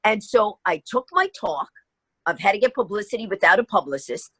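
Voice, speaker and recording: Husky middle-aged woman spinning a story, doing all the back-and-forth, dry close sound. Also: mid-range voice, brisk, dry recording. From New York. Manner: animated storyteller acting out dialogue. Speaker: guest. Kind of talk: storytelling in a podcast interview.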